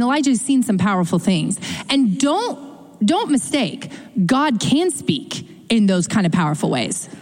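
Woman pastor, sermon, conversational and animated, mid-pitched voice, long hall reverb. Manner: animated, conversational, acts out quotes with big pitch jumps. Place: church.

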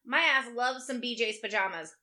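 A woman's voice: fairly high pitch, moderate pace, sharp tone. A woman co-hosting a casual chat, reading gossip items aloud and adding blunt, frank remarks of her own. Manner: blunt, reads items then adds frank asides. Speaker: co-host.

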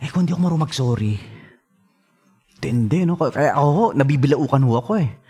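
Animated Filipino preacher man. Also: medium pitch, quick pace, husky. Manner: animated, switches between languages, acts out quoted dialogue. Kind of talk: sermon.

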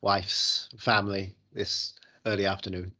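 A man's voice: low-pitched, monotone, a little slow, sharp tone. A man co-hosting a podcast in casual chat, joking and rambling and swearing freely. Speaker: podcast co-host.

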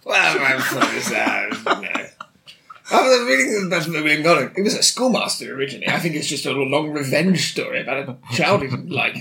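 A man's voice: a little high, sing-song, a little fast, creaky, sharp tone, slight background noise. A man chatting on a podcast with dry, teasing remarks. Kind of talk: casual podcast chat.

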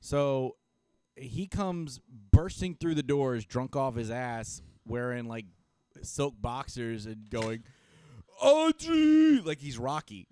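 A man's voice: mid-range voice, slow pace, darkish tone, clean tone, dry recording. Rambling young man telling a family story. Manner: rambling storyteller, many restarts. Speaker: podcast co-host. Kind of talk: casual chat. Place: podcast studio.

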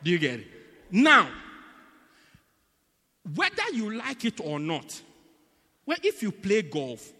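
High-pitched, animated male preacher. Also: slow, long pauses, long reverb tail. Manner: teaching, repeatedly asking the congregation "do you get it?"; animated, swinging between loud bursts and quiet asides. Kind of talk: sermon.

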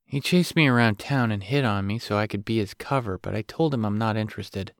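A man voicing a weary, protective single father who talks in a gentle, low-key way. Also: brisk, no echo, clean studio sound, lightly acted. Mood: calm, explaining.

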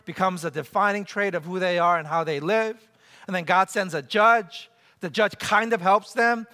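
A man preaching a sermon to his church, animated, acting out scenes and leading the congregation in call-and-response. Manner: animated, acts out scenes and quotes with big pitch jumps. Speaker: pastor. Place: church sanctuary. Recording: long hall reverb.

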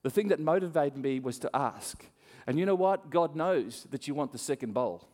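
A man's voice: fairly high pitch, moderate pace. A man preaching a sermon, telling a story with acted-out voices and frequent laughs. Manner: animated storytelling, acts out voices, laughs often. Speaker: pastor. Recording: long hall reverb.

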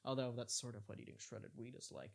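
A man's voice: medium pitch, steady tone, vocal fry. A man hosting a casual podcast, joking around and tripping over foreign words. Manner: jokey, quick asides, stumbles over foreign words. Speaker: podcast host.

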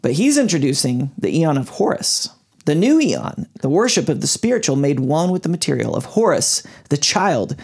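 A man's voice: on the high side, normal speed, husky. A man hosting a casual podcast, walking his co-hosts through a story and tripping over hard names. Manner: lively, explanatory, stumbles over names. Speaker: podcast host. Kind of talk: casual podcast chat, explaining a topic.

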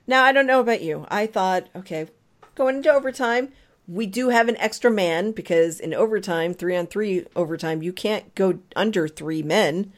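Chatty woman recapping a hockey game. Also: medium pitch. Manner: chatty and emphatic, quick laughs. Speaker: podcast co-host. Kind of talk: casual sports podcast chat.

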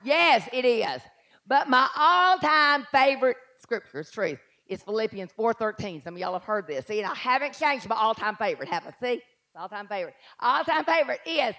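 A middle-aged woman preaching a lively sermon, dropping into hushed asides and rising to shouted declarations. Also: brisk. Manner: acts out doubting voices in a low mutter. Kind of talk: live sermon.

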